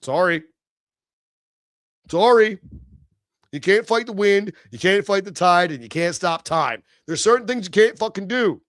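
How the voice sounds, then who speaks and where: A man's voice: sits high, expressive, moderate pace, few pauses, fairly bright tone, no echo, studio quality. A middle-aged man hosting a livestream, venting in a heated, profane, sneering rant. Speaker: livestream host. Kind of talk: ranting livestream monologue.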